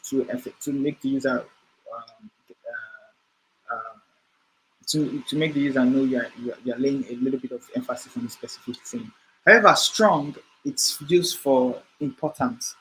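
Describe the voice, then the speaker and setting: A man walks through a coding tutorial at a middle pitch, thinking aloud with frequent fillers and restarts. A faint noise hums under his voice. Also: a bit bright, rough recording. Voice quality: hesitant, many fillers and restarts while explaining. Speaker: coding instructor. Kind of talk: screen-share coding tutorial.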